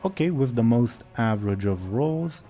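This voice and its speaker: A man narrating as game master of a tabletop game, pausing on fillers as he describes scenes. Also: mid-range voice, animated, warm tone, faint music behind.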